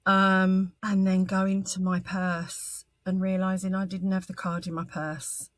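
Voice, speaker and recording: A woman, telling her own story as an interview guest in a halting, earnest way, with frequent ums and restarts. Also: mid-range voice, level tone, no room sound. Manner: earnest and candid. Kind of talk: personal testimony in an interview.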